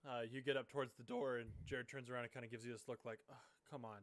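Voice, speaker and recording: A man running a tabletop game as game master, narrating in a relaxed, slightly halting way. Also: mid-range voice.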